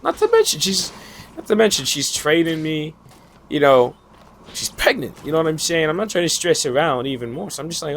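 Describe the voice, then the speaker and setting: A man's voice: fairly high pitch, very animated, a little fast, a bit bright, slight background noise. A man, new at his office job, venting in a rambling, frustrated way, swearing often and restarting his sentences. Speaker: new data entry worker. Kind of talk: casual venting monologue.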